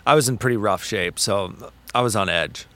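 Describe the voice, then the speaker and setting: A man co-hosting a podcast, telling a story in casual chat, animated and full of swearing and quoted back-and-forth. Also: fairly low pitch, moderate pace. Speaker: podcast co-host.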